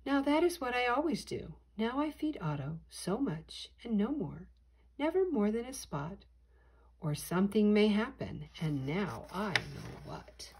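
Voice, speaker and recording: Grandma reading a kids book, breathy voice, lots of expression. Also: female voice, medium pitch, big pitch swings, unhurried, low-quality recording. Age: older. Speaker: storyteller. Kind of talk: storybook read-aloud.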